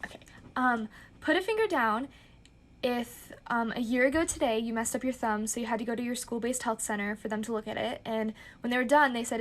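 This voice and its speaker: Hesitant high-voiced young woman. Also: brisk. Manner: hesitant, frequent ums, acts out quoted lines. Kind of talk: casual second-person storytelling.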